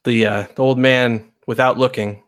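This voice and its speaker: A man's voice: medium pitch, steady tone, moderate pace. Casual male game master narrating. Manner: casual, storytelling, frequent self-corrections. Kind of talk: narrating a tabletop western game.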